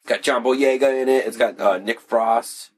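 A man's voice: medium pitch, fairly even intonation, normal speed, husky. A young man co-hosting a podcast in casual, rambling, profane chat. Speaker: podcast co-host.

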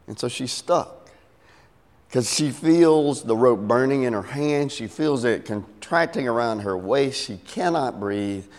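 Middle-aged pastor preaching in a reverberant hall. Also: male voice, expressive, unhurried. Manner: storytelling, acts out voices with big pitch swings. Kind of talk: sermon.

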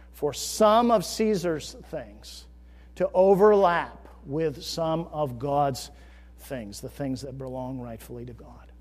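A middle-aged male pastor delivers a sermon in a fairly high voice. He moves between loud, emphatic declarations and soft, conversational asides. The sound carries the long reverb of a large church sanctuary.

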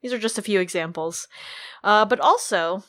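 A woman's voice: mid-range voice, moderate pace, fairly bright tone. A woman co-hosting a casual book discussion, chatty, full of likes and casual swearing. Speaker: podcast co-host.

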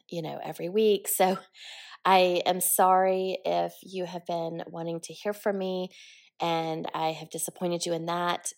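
A woman's voice: on the low side, darkish tone. A woman in her forties hosting her own podcast, talking candidly and a little rambling, stuffy from a head cold. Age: 40s. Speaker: podcast host. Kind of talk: solo podcast monologue.

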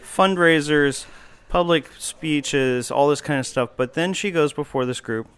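A man's voice: on the high side, measured pace, fairly bright tone, smooth. A man hosting a casual talk show from a coffee shop, rambling along with frequent fillers and wry asides. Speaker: podcast host. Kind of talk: casual conversational chat.

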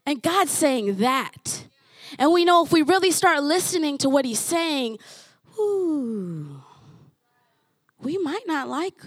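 A woman pastor preaching a sermon in an animated way, acting out the voices of her listeners. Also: high-pitched, no room sound, studio quality. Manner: animated, acts out listeners' voices with rising exclamations.

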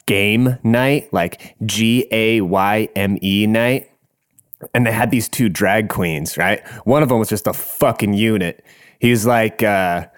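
A young man casually telling a rambling, profane story, laughing as he goes. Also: on the low side.

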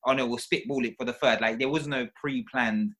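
A man in casual podcast chat, ranting animatedly and getting loud when annoyed. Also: mid-range voice, steady tone, brisk.

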